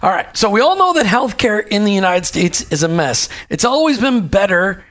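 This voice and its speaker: A man's voice: high-pitched, sing-song, moderate pace, a bit bright. A man hosting a faith-and-work podcast interview, upbeat and rambling, often correcting himself mid-sentence. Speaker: podcast host.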